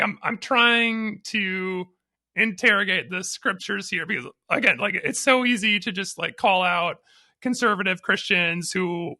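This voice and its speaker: Podcast co-host, man with a high, very bright voice, hesitant and reflective. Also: vocal fry. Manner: thoughtful, hesitant, frequent restarts, laughs easily. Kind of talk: conversational theology podcast.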